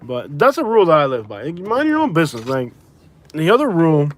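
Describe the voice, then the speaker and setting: A man's voice: a little high, very animated, fast. A man from Florida, live-streaming from inside his car, talking in a rambling, casual way, often restarting and correcting himself, and tired with a migraine. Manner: rambling, self-correcting, chatty. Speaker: vlogger. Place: inside a vehicle.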